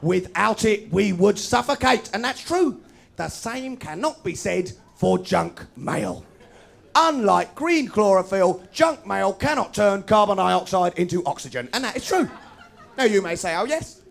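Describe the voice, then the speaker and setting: A sharp-tongued comedian rants his way through a live stand-up set. His voice sits high and carries a gravelly rasp. He spits out sarcastic asides at speed and flares into sudden shouts. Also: animated, unhurried. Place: students' union bar with live audience.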